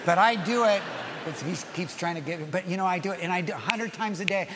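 Male pastor, high voice, animated preacher, church sanctuary reverb. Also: quick pace. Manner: animated preaching, softening to gentle prayer. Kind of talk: sermon.

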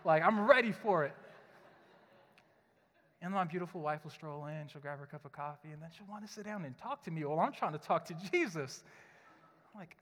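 Brief: young male pastor, high voice, chatty and joking sermon delivery, long reverb of a large church hall. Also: brisk. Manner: conversational, joking, animated storytelling. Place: church sanctuary.

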